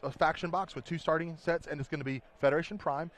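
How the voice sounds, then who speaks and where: A man's voice: a little high, fairly even intonation, quick pace, a bit bright. A man with a slightly raised voice explains his tabletop game in a convention floor interview. He talks with eager enthusiasm, rambling and restarting his sentences as ideas pile up. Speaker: game designer. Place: busy convention hall.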